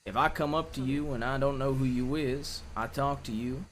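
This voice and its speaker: A man in a roleplay stream, chatting in character as an outlaw with a folksy, rough-grammar drawl. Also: medium pitch, fairly even intonation, normal speed, a little hiss or hum.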